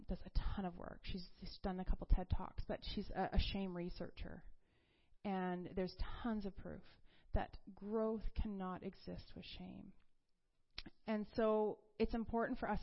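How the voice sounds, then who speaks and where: A middle-aged woman who works as a counselor, speaking earnestly and confidingly about faith, her voice dropping soft and breathy at tender moments. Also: medium pitch, steady tone, moderate pace. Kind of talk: personal faith talk. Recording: slightly dull lo-fi recording.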